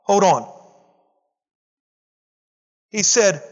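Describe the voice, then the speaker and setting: High-voiced man preaching in a big hall. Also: unhurried, long pauses, lo-fi sound. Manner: animated preaching, calls for audience response; acts out characters' lines in casual slang. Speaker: pastor. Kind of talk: sermon. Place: church.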